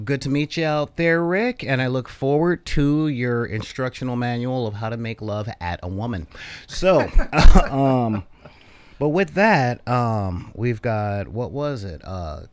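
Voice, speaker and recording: A man's voice: medium pitch, lively intonation, a little slow, clear, resonant tone. A man hosting a casual livestream gaming talk show, chatty and joking, with lots of fillers. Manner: chatty, jokey, rambling with many fillers. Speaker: podcast host.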